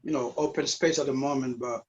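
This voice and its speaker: A man in his forties with a French Caribbean accent is speaking over a video call, and his audio sounds slightly muffled. He answers softly and pauses to search for his words. His voice has an average pitch. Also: fairly even intonation. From France and the US, Guadeloupean roots. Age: 40s. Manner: soft-spoken, searching for words. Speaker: dancer and event promoter. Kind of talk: interview guest on video call.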